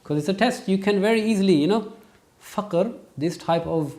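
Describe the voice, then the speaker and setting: Guy teaching a class, keeps firing questions at students, slightly high voice. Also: moderate pace. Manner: questions students, lively, emphatic. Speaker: religious teacher. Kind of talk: interactive classroom lesson.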